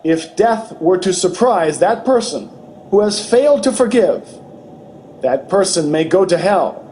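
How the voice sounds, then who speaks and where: A man voicing a grave, tender Jesus who speaks slowly and solemnly in a dramatized testimony reading. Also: sits high, animated, slight background noise. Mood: pleading. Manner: slow, solemn, gently pleading.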